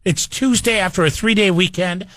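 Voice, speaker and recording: A man hosting a radio morning show, running a call-in game in casual banter with frequent halting restarts. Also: sits high, a bit bright, dry recording. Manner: halting, restarts often, playful. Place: radio studio.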